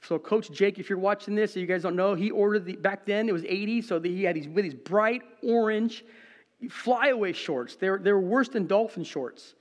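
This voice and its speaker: A middle-aged man preaching a sermon to cameras in an empty room, animated and conversational, with self-deprecating asides. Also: high-pitched, moderate pace, long reverb tail. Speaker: pastor.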